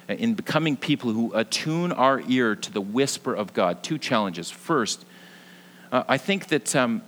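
A young male pastor preaches a sermon earnestly, shifting between lively emphasis and hushed, soft passages. His voice is medium-pitched, and the recording is rough.

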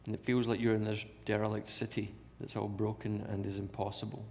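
A man's voice: on the low side, flat delivery, a little fast, a little mellow, a little hiss or hum. A man preaching a sermon in a church, repeating key phrases and asking rhetorical questions. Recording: long reverb of a large hall.

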